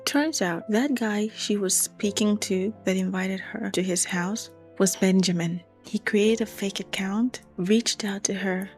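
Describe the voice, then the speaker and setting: A woman narrating a true crime case in a conversational, emphatic way. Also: medium pitch. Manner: animated, emphatic retelling.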